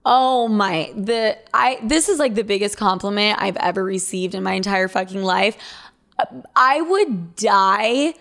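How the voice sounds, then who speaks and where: A woman's voice: mid-range voice, lively intonation, measured pace, a bit bright. A young woman hosts an advice podcast, reading out listener letters and answering them. She talks in a blunt, profane Valley girl way, upbeat and casual.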